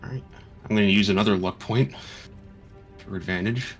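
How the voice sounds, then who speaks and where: A man with a somewhat low voice talks through his moves in a tabletop game. He hesitates and restarts as he plans, with quiet music in the background. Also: a little fast. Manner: thinking aloud, hesitant. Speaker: player.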